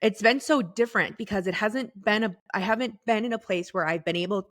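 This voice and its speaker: A middle-aged woman co-hosting a podcast, talking about her faith in a halting, tearful way. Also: medium pitch, no echo, clean studio sound. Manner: tearful, halting, soft-spoken. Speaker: podcast co-host. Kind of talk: casual faith chat. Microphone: podcast microphone.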